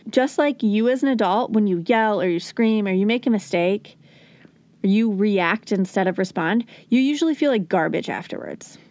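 A young adult woman teaching parents how to calm toddlers, earnest and coaching, softly acting out what to say to a child. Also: medium pitch, moderate pace, no room sound. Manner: earnest, coaching, acts out gentle lines to a child. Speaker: parenting educator. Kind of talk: instructional talk to parents.

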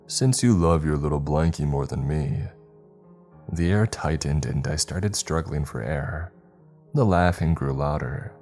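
A man reads a scary story aloud in measured, dramatic narration. His voice is extremely deep and dark, with a mellow weight to it. Soft music plays faintly beneath the reading. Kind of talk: scripted horror narration.

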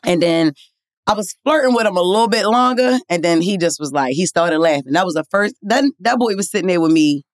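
A woman, telling a story in animated, slangy casual chat, often laughing as she talks. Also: fairly low pitch, a little fast, no room sound, clean studio sound. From Baltimore. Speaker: podcast co-host.

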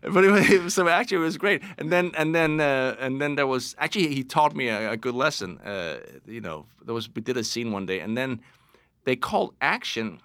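A Danish-accented man tells animated stories as an interview guest, often restarting his sentences. His voice is bright and forceful, and the studio sound is dry and close. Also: mid-range voice, gravelly, dry recording. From Denmark. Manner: animated anecdotes with many restarts and laughs. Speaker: actor guest. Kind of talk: casual interview storytelling.

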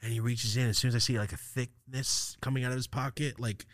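A man's voice: mid-range voice, little pitch movement, fast, no echo, clean studio sound. A man hosting a podcast, telling a rambling, profane story in casual chat and acting out the lines of people in it. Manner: profane, rambling, acts out quotes. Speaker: podcast host.

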